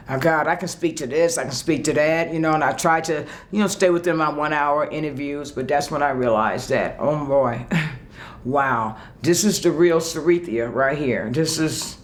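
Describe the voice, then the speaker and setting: A woman's voice: deep voice, measured pace. Emotional woman telling her story. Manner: emotional, emphatic, often laughing; vivid storyteller who acts out her own past words. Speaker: employee sharing a success story. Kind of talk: personal testimonial.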